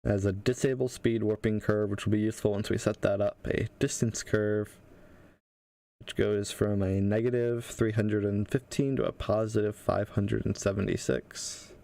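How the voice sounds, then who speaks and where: A man with a somewhat low voice works through a game-development tutorial live. He talks casually and thinks aloud, pausing and restarting his sentences as he goes. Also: steady tone, creaky, mellow, no echo. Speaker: game developer teaching on a livestream.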